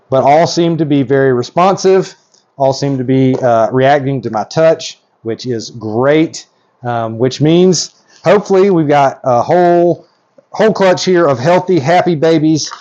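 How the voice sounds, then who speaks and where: A man with a mid-pitched voice talks through his work in a loose, excitable way, full of ums and restarts. The sound is a little dull and lo-fi, picked up by a camera mic at working distance. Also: measured pace. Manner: excited, chatty, lots of fillers and restarts. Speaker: reptile breeder. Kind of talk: casual narration while working.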